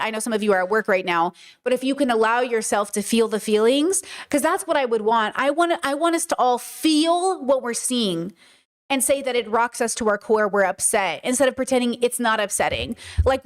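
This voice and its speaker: A woman hosting a live stream, speaking earnestly and with passion to her chat. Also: on the high side. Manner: earnest, impassioned, lecturing. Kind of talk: livestream commentary to chat.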